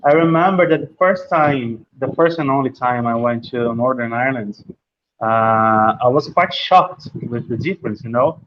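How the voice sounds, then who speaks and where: A man speaks over a video call, stopping and restarting as he shares his thoughts. His pitch is middling. The audio is dull and lo-fi. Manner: halting, with frequent restarts. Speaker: panel guest. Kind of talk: casual discussion.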